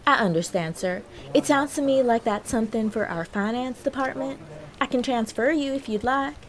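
A woman's voice: fairly high pitch, moderate pace, close to an everyday voice. A woman playing a sassy female customer service agent with sugary phone politeness. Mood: polite.

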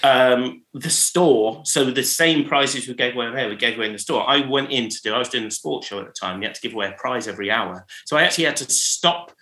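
This is a man chatting casually about his radio career and laughing often as he talks. He acts out callers and jingles along the way. His voice is bright and forceful, and it carries a noticeable room echo. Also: mid-range voice, fast, few pauses. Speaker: radio programmer, podcast guest. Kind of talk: casual anecdotal chat.

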